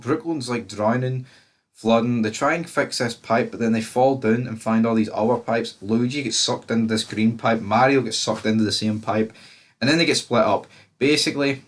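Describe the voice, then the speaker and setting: A man with a Scottish accent reviewing a movie in a rambling casual chat, swearing freely. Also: medium pitch. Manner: rambling, swears freely, frequent fillers and restarts.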